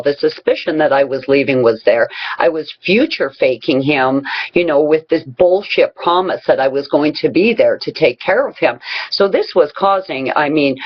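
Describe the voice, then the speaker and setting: Woman, low-pitched voice, husky, blunt and profane, casual storytelling vlog, muffled lo-fi recording. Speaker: vlogger. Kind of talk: personal storytelling advice vlog. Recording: dull lo-fi recording.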